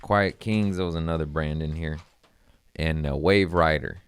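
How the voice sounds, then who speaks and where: A man's voice: very deep voice, moderate pace, clean tone, no echo. A young adult man, a comedian, rambling casually and profanely, laughing between lines.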